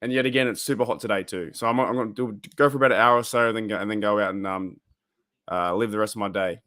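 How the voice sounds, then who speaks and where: A man's voice: lowish voice, fast, pushed and bright. A young Australian man hosting a casual livestream, chatting loosely and reading out viewers' messages. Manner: rambling, reads chat aloud, loose and chatty. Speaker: livestream host.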